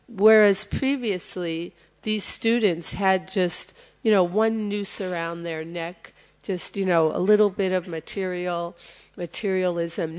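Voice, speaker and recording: A woman giving a sermon, telling a sacred story and acting out what the people in it say. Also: on the low side. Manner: retells scripture as lively story, acting out quotes. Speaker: temple speaker.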